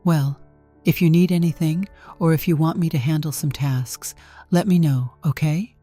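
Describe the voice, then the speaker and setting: A woman's voice: low voice, fairly even intonation, normal speed, mellow, soft background music. A woman voicing an earnest young female coworker who speaks cautiously and kindly. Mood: concerned. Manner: cautious, caring. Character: earnest young female architect, eager and kind.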